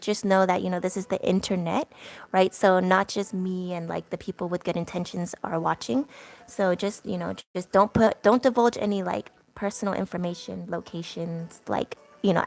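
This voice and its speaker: A young woman hosts a casual tarot livestream. Her voice has a gravelly, fry-laced edge at a mid pitch. She rambles warmly through the chat with plenty of filler words and little laughs. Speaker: tarot reader.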